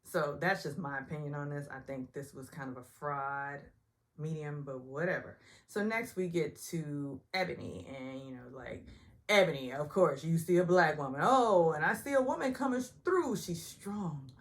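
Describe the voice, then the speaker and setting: A woman casually recapping a reality show, chatty and opinionated, often mimicking people in higher voices. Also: normal speed. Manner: chatty and opinionated, acts out quotes in high voices. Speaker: recap vlogger.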